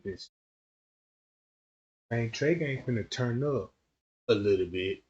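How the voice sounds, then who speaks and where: A man's voice: mid-range voice, takes it slowly, pauses often, a little mellow, lo-fi sound. A man hosting a casual commentary stream, slangy and emphatic, repeating himself as he builds up his points. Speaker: YouTube commentator.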